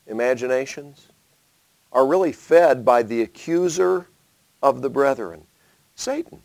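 A man preaches a sermon in a mid-pitched voice. He asks rhetorical questions and swings between loud emphasis and hushed asides. The sound is close and dry. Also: dry recording.

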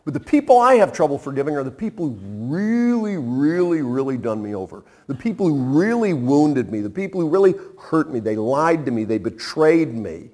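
A man preaching a sermon, retelling a parable with animated storytelling and acted-out voices. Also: a little high, moderate pace, few pauses. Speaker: pastor.

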